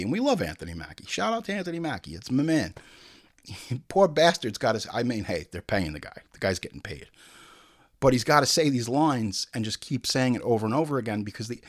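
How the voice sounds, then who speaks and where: A male host giving casual comedic commentary, joking and swearing freely. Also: mid-range voice.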